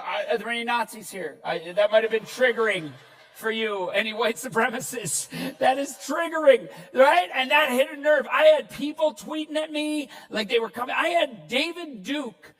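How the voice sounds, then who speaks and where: A male comedian from Newfoundland giving a jokey, animated stand-up style keynote to a live audience, with bursts of shouting. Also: very high voice. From Newfoundland, Canada. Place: large hall. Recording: echoey hall, mic far off.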